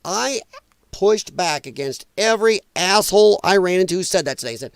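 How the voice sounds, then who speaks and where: A man's voice: high-pitched, lively intonation, brisk, clean tone, no room sound. A man hosting a podcast, delivering a heated, profane political rant in an emphatic, exasperated way. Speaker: podcast host.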